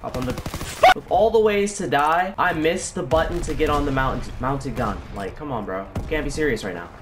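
A man hosting his gaming channel, commenting live on his shooter match in an excitable, slangy way. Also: medium pitch, a little fast, over loud music. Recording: game gunfire behind voice. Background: gunfire and game sounds.

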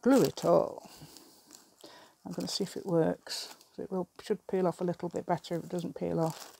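Chatty, rambling woman crafter, lowish voice. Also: little pitch movement, fairly quick, creaky, a little mellow, a little hiss or hum. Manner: rambling, chatty, laughs often, mutters asides to herself. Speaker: craft video maker. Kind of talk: casual chat while crafting.

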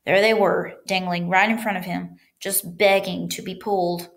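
A woman's voice: lowish voice, normal speed, creaky. A woman teacher reading a children's chapter book aloud and guiding students through the pages. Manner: animated storytelling with stops to guide the class.

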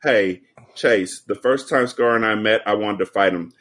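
A man's voice: fairly low pitch, moderate pace, a bit bright. A man as a podcast guest, telling stories and jokes in a profane casual chat over a video call. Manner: joking, profane storytelling.

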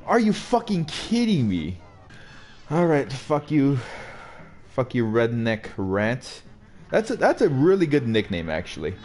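Excitable, foul-mouthed young gamer man. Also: mid-range voice, a little slow, long pauses. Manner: profane, excitable, jokey. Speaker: gaming streamer. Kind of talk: live gameplay commentary. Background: faint game music.

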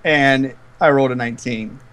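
A man's voice: mid-range voice, moderate pace. A man running a tabletop game as game master, narrating the action with frequent laughter. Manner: lively and laughing often.

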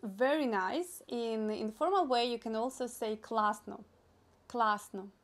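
A young woman with a Ukrainian accent, a native Ukrainian speaker teaching phrases in a casual lesson and repeating each word slowly and carefully. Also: on the high side. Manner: slow, careful repetition of foreign words. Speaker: language teacher. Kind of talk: casual spoken language lesson.

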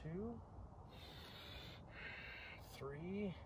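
A man's voice: sits high, very slow, warm tone, slight background noise. A man teaches an outdoor yoga flow, calling out poses and breaths in a slightly raised voice. He drops playful jokes between cues. Faint outdoor ambience sits under his voice. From Southern California. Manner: joking asides between pose cues. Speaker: yoga instructor. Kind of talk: guided yoga class.

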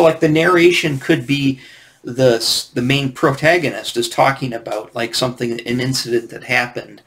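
A man's voice: medium pitch, a bit bright. Rambling man explaining comic scripting. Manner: rambling, hesitant, many restarts. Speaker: comic creator teaching scripting. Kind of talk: casual instructional talk.

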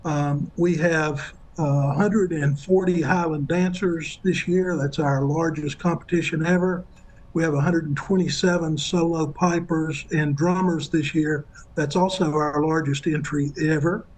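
A middle-aged man, president of a Highland games, answering questions on a live TV news interview in a steady, informative way with many fillers and restarts. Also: a little slow, slight background noise, low-quality recording.

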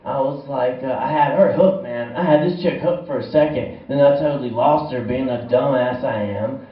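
Speaking at normal speed in a mid-range voice, this young comic meanders through a foul-mouthed, easygoing stoner-style routine in a small club. The sound is lo-fi and muffled, with echo and a distant mic.

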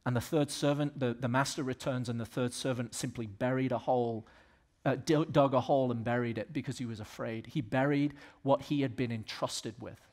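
A man from the American South preaching a sermon as pastor of a church, swinging between loud exhortation and quiet, earnest asides. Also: medium pitch, fairly even intonation, brisk. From Southern United States.

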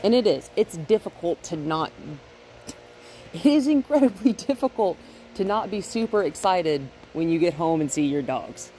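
A woman's voice: on the low side, lively intonation, normal speed, mellow, slight background noise. A woman dog trainer giving a casual, step-by-step demonstration at home, often checking in with "right?". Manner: chatty, explains step by step, often adds "right?". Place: at home and in the yard with her dogs.

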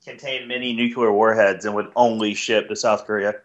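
A man co-hosting a casual podcast, dropping deadpan sarcastic quips. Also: on the low side, fairly quick, roomy sound, a loud crowd. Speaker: podcast co-host.

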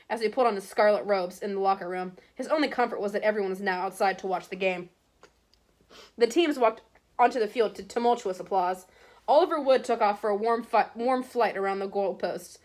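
A woman teacher reading a novel aloud to her class at a steady pace, now and then stumbling and correcting herself. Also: mid-range voice.

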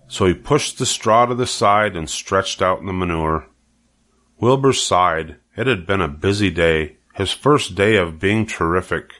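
An older man reading a children's book aloud in a gentle, steady way. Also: low voice. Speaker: storyteller.

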